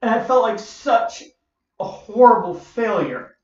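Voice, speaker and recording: A man in his forties tells a personal story as a vlogger, emotional and repetitive, circling back to the same phrases. His voice sits high with lively intonation and a measured pace. The recording sounds roomy, distant, and muffled.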